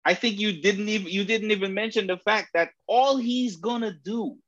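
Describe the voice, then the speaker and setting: A man co-hosting a sports podcast, chatting casually, hesitant and searching for words, quick to laugh. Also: high voice, fairly bright tone, highs cut off. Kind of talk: casual football chat.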